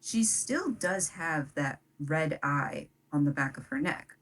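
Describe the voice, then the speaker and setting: A woman's voice: low voice, expressive, takes it slowly, fairly bright tone, recorded from a distance, poor audio. A woman narrating a tabletop game as game master, hesitant and loose, full of "um" and "kind of".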